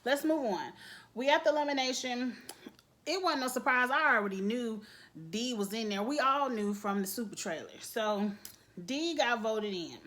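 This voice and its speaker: Woman, casual reality TV recap, animated, laughs often. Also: fairly high pitch, normal speed. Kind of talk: casual episode review.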